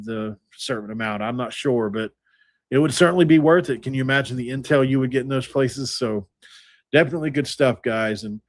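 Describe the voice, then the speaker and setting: A man's voice: mid-range voice, no echo. A man hosting a sports podcast, signing off in a loose, rambling way with lots of fillers and restarts, close to the mic. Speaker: podcast host. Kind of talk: casual podcast sign-off.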